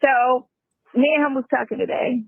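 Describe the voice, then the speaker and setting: A woman talking in a rambling, halting way during a recorded phone conversation. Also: high voice, creaky. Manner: rambling, halting, restarts, fillers. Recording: tinny phone-call recording.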